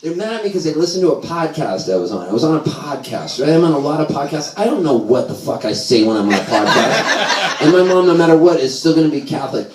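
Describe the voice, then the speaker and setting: A man's voice: a little high, big pitch swings, quick pace. A middle-aged man telling rambling, profane stories on stage, acting out his parents' voices. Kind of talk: live comic storytelling. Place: bar with a live audience. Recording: echoey room, distant mic, crowd noise.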